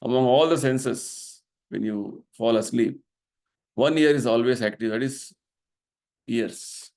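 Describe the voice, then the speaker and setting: A man's voice: mid-range voice, slow pace, a little mellow. A middle-aged man giving a devotional lecture at a temple, explaining his points earnestly and checking in with the listeners by asking "right?". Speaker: temple vice president giving a spiritual talk.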